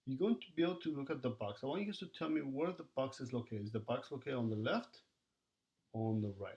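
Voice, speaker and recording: A man's voice: mid-range voice, fast talker, a little mellow, muffled recording. A man teaching a recorded math lesson, talking to students as he works through problems and counts the numbers aloud.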